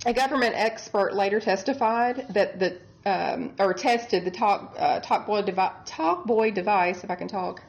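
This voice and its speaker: With a creaky, medium-pitched voice and hardly any pauses, a woman talks at normal speed through a recording whose highs are cut off. She works as a bedside nurse and co-hosts a casual true-crime chat, telling the case in an exasperated, funny way and laughing frequently.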